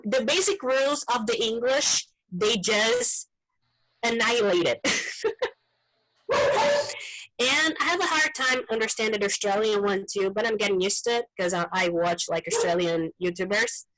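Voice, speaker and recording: A woman whose first language is Portuguese, chatting casually in English in an online group meeting, animated and often repeating words as she searches for them. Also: on the high side, unhurried, poor audio. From Brazil. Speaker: meeting participant.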